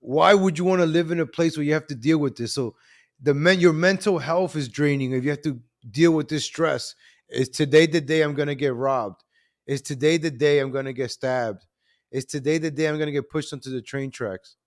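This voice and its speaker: A man hosting a live commentary stream, animated and repetitive, calling out to viewers as ladies and gentlemen. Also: on the high side, fairly quick. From New York.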